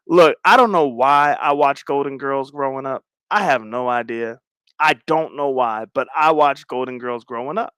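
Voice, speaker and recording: A man hosting a casual livestream chat, slangy and animated, repeating phrases and dropping into mumbled asides. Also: medium pitch, moderate pace, clean tone, no room sound, clean studio sound. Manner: animated, swings between loud and mumbled asides. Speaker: livestream host.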